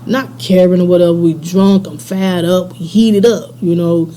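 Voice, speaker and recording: A woman's voice: lowish voice, fairly even intonation, moderate pace, mellow, a little hiss or hum. A woman casually telling a personal story in slangy, laid-back talk, chuckling now and then.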